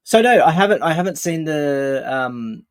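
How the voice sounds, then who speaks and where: A man's voice: on the high side, expressive, moderate pace. A man hosting a podcast, asking his guest questions in a friendly, rambling way with many restarts. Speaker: podcast host. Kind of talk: casual podcast interview.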